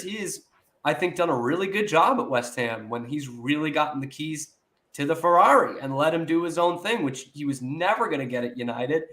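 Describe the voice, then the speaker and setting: A man's voice: medium pitch, a bit bright. Football podcast guy, hedges his takes, echoey room sound. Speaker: podcast co-host. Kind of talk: casual football chat. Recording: roomy echo.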